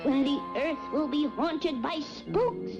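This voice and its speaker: Olive Oyl reading a spooky tale. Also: female voice, sits high, slow pace. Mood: ominous. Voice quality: dramatic, ominous storytelling reading. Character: slender young woman reading ghost stories aloud. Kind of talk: 1950s cartoon voice acting. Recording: dull lo-fi 1950s cartoon soundtrack. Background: loud spooky music.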